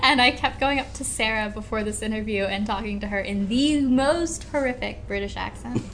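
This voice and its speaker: A woman's voice: fairly high pitch, normal speed, a bit bright, slight background noise. Tired, rambling woman podcast host. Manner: rambling, self-mocking and chatty. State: tired from no sleep. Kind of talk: casual podcast chat. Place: venue during sound check.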